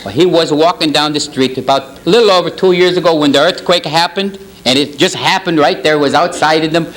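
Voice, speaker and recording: This banquet humorist's voice sits on the high side and moves briskly, sounding close to his everyday voice despite poor audio. In a banquet hall he roasts the crowd as a sly, middle-aged Italian parish priest, faking an Italian accent and broken English. His jokes wander, and he tells them completely deadpan.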